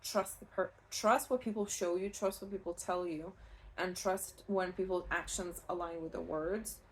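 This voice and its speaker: A woman giving a casual pick-a-card tarot reading, chatty and rambling, with soft laughs and fillers. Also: fairly low pitch, fairly even intonation, normal speed, slight background noise. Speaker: tarot reader.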